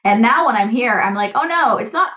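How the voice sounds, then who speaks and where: A woman's voice: a little high, animated, a little fast, sharp tone, muffled recording. A young adult woman, a podcast guest, talking casually and animatedly, often laughing and acting out her own inner voice. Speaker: podcast guest, author and grief coach. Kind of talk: casual conversational interview.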